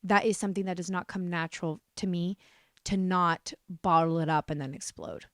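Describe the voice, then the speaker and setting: A woman's voice: on the low side, moderate pace, no echo, studio quality. A woman in her twenties hosting her own podcast, rambling through a casual solo monologue, blunt and swearing freely, with many restarts. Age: 20s. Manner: blunt, swears freely, swings between deadpan and exasperated. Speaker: podcast host.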